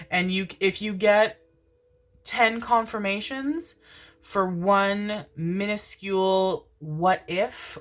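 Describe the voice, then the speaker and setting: Low-voiced woman giving an affectionate tarot reading. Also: fairly bright tone. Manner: affectionate, calls listeners "my darlings" and "my loves"; meandering, with many "um" fillers. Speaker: tarot reader. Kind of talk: casual tarot reading to viewers.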